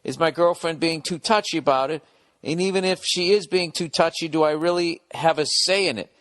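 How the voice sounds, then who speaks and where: A man's voice: on the high side, a little fast, a bit bright, dry recording. A man hosting a podcast, reading listener letters aloud and breaking in with blunt, profane comic riffs in a casual monologue.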